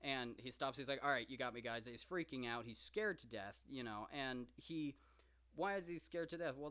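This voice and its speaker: A man's voice: mid-range voice, a bit bright. A man hosting a live stream, talking casually and enthusiastically about an ancient epic, rambling with many fillers and asides. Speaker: podcast host reading and discussing the Iliad.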